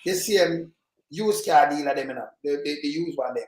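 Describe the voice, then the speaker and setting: Man, jamaican accent, animated, interjecting, patois, fairly high voice, echoey room. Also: moderate pace, slight background noise. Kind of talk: casual chat.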